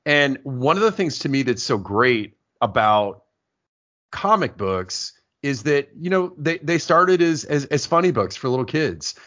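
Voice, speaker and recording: Middle-aged man hosting a casual film chat. His voice is bright and forceful, and he talks at length with lively, storytelling energy. The recording has a dull, lo-fi sound. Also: mid-range voice. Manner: talkative, animated storyteller. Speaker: podcast host. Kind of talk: casual movie discussion.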